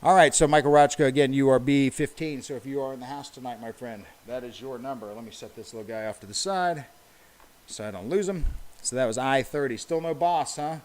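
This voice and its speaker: A man's voice: mid-range voice, brisk, darkish tone. A man hosting a casual livestream, calling out bingo numbers and viewer names in a chatty, upbeat way.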